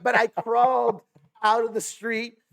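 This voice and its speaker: A man's voice: very high-pitched, little pitch movement, a little slow, gravelly, fairly bright tone. A man and coach telling long casual stories, rambling with lots of filler words. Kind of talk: casual storytelling.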